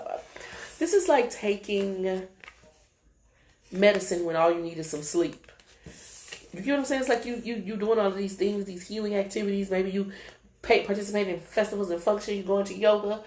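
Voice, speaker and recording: A woman's voice: mid-range voice, a little mellow. A woman giving a live-stream tarot reading in a blunt, profane manner, with laughing asides and lots of "right?" checks. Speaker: tarot reader. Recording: roomy echo.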